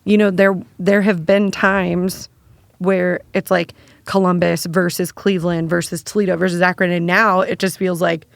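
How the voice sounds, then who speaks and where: A woman's voice: fairly low pitch, flat delivery, moderate pace, gravelly, no room sound. A woman chatting as a podcast guest, talkative and enthusiastic, with lots of "like". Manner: chatty, heavy use of "like", enthusiastic. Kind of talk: casual chat.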